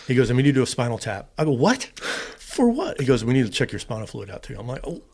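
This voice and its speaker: A man's voice: medium pitch, racing, creaky, darkish tone. A middle-aged American man, a former fighter pilot, casually telling a long personal story in an interview and acting out both sides of the dialogue. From United States. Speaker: podcast guest, retired fighter pilot.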